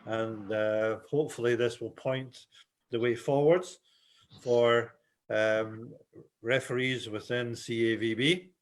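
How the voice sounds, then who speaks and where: An older man with a Scottish accent, giving a webinar lecture as a refereeing instructor, speaking slowly and with hesitation over a video call. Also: mid-range voice, steady tone. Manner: deliberately slow, hesitant delivery.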